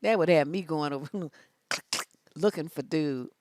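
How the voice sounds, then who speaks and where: Sassy woman relationship coach, low voice. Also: unhurried, dry recording, clean studio sound. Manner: sassy, animated, laughing, colloquial. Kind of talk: casual live-stream advice talk.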